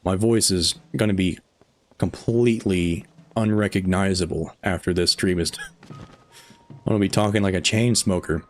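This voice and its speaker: A man's voice: deep voice, fairly even intonation, moderate pace. A man live streaming a game, chatting casually with his viewers in a rambling, chuckling way, tired after hours on air.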